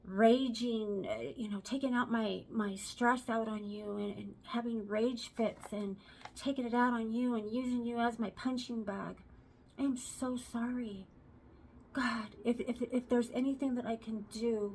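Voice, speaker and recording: A woman acts out a partner who suddenly sees what they've done and pours out apologies. The voice is pleading and over the top, sitting fairly high. Every sentence begs forgiveness. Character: remorseful partner gushing tearful apologies.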